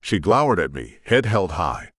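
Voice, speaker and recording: A man narrating a first-person audiobook with a deep voice and lively, dramatic pitch movement. He sits close to the mic, and the recording is dry with no room echo. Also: normal speed.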